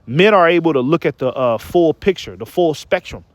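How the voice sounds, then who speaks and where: Male online preacher, slightly high pitch, emphatic and repetitive, stumbles on words while reading verses. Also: animated, normal speed, dry recording. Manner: emphatic, keeps asking "okay?" and "man". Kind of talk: preaching rant with scripture reading.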